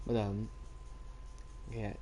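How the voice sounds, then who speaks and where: A man's voice: fairly low pitch, level tone, very slow, mellow, a little hiss or hum. A teenage boy chatting casually and rambling as he tells stories in a vlog. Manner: rambling, laid-back storytelling. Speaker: vlogger. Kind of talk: casual chat.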